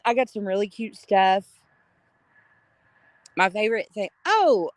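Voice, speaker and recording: A woman's voice: sits high, very animated, moderate pace, no room sound. Gushing middle-aged woman streamer. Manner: warm, gushing, greets viewers, laughs often. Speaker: live streamer. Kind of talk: casual live-stream chat.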